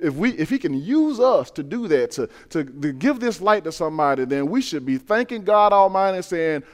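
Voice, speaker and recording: Guy preaching, high voice, real animated, keeps restarting words and doing little voices. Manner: animated, acts out quoted voices; many repeated word restarts. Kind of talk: sermon.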